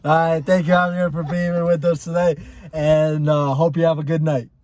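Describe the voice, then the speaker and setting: Young male podcast host, slightly high voice, dry close sound, rambling and profane. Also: flat delivery, moderate pace, darkish tone, no room sound. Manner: loose, profane, repeats himself. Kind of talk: casual podcast chat.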